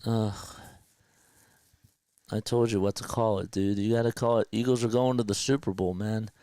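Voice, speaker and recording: A young man hosting a casual sports livestream, talking to his chat with excitement and emotion. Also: lowish voice, moderate pace, no echo.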